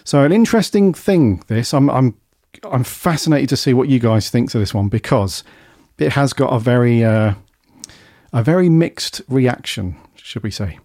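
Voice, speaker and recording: Mellow-voiced podcast host. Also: male voice, medium pitch, lively intonation, normal speed, dry recording, clean studio sound. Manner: chatty, upbeat British slang. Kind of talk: casual podcast chat.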